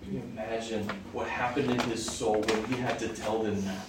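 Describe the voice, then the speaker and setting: Speaking at normal speed with a lowish, fairly even voice, a man delivers a conversational teaching sermon full of questions for his audience. Heavy echo fills the hall, and the far-off mic picks up faint noise.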